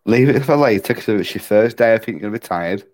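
A man's voice: on the low side, animated, quick pace, a little mellow. A man co-hosting a podcast in casual chat, joking and airing strong opinions. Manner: joking, opinionated, hums tunes. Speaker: podcast co-host.

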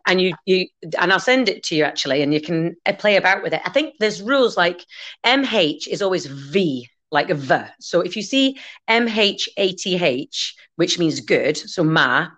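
A woman's voice: lowish voice, animated, moderate pace, fairly bright tone. A woman raised in Scotland, chatting casually on a podcast as a guest who teaches Gaelic, rambling with many restarts.

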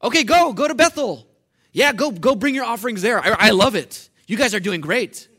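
A man's voice: high-pitched, animated, normal speed, sharp tone, husky, voice pushed up, full character voice. A man voicing God as sarcastically urging his rebellious people on, mockingly encouraging. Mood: mock cheerful.

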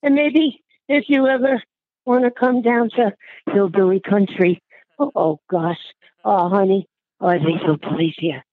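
A woman's voice: mid-range voice, measured pace, no room sound. Older woman, breathless, on a tinny phone line. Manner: chatty, affectionate, keeps calling the listener honey. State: short of breath. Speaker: interviewee, aunt. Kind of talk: casual phone chat.

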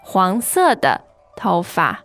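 A woman models vocabulary for learners, speaking extremely slowly and repeating each word twice. Her pitch moves a lot. Faint music sits under her voice. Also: wildly swooping pitch, fairly bright tone. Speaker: Chinese language co-host. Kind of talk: casual teaching chat.

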